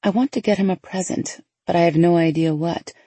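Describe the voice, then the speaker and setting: A woman narrating a first-person novel in a lively, conversational inner-monologue manner. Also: on the low side, fairly quick, husky, dry recording. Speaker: audiobook narrator.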